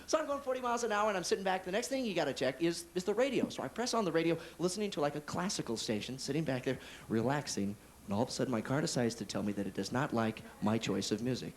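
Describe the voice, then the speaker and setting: Male stand-up, high, lively, fast talker. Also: slight background noise. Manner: rapid, animated storytelling with restarts. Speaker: stand-up comedian. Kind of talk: stand-up comedy. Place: comedy club.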